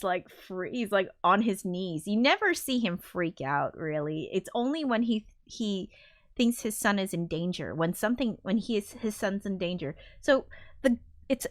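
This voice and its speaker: A woman's voice: medium pitch, no echo, studio quality. A woman composer chatting casually on a livestream, rambling with frequent restarts and casual swearing. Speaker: composer streaming her work.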